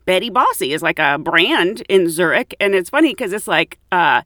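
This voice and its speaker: A woman who is a flight attendant and podcast host, telling travel stories in a lively way and acting out the voices of people in them. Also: fairly low pitch, normal speed, no echo, clean studio sound. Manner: animated, acts out quoted voices with laughs. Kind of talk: casual anecdotal storytelling.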